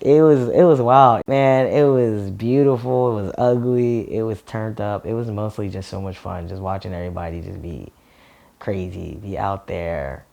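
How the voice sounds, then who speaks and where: A young man in a documentary interview, telling lively personal stories and laughing often. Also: lowish voice, vocal fry. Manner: animated storyteller, laughs often.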